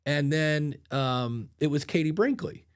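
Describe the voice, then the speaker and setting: A man's voice: fairly high pitch, animated, unhurried, clear, resonant tone. A man hosting a podcast in casual chat, a chatty storyteller who acts out the people he quotes. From Ohio. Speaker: podcast host.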